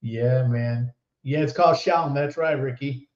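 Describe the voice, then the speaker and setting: A man's voice: medium pitch, moderate pace, echoey room, dull audio, crowd noise. A man hosting a live podcast in casual chat, upbeat and laughing easily as he reads viewer comments aloud. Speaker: podcast host.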